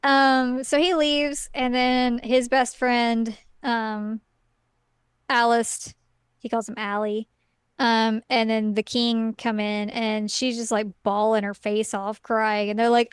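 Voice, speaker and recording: A woman with a smooth, clean-toned voice pitched a little high, chatting on a podcast as she recaps a story. She fills her talk with "like" and "um" and keeps a relaxed, chatty flow. The sound is close and dry. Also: takes it slowly, no echo. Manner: chatty, full of "like" and "um" fillers. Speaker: podcast co-host. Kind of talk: casual chat recapping a story.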